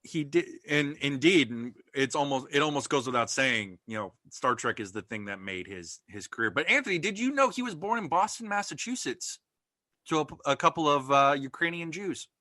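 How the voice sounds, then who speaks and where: A man's voice: a little high, sing-song, moderate pace, pushed and bright, dry recording, clean studio sound. A man co-hosting a podcast, chatting casually with playful, jokey banter. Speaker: podcast co-host. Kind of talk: casual chat.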